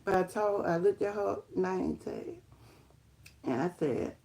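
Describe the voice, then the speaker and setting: Woman on a live stream telling her testimony, gravelly voice, rambles a lot, keeps calling everybody y'all. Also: slow pace. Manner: emphatic, rambling storyteller who addresses viewers as y'all; bursts into high excited exclamations. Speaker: livestream host sharing her testimony.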